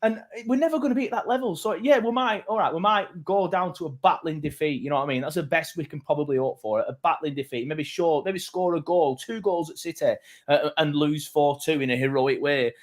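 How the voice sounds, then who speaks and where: A man's voice: a little high, fairly quick, hardly any pauses. A man co-hosting a football podcast, telling rambling, self-mocking stories. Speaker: podcast co-host. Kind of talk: casual football chat.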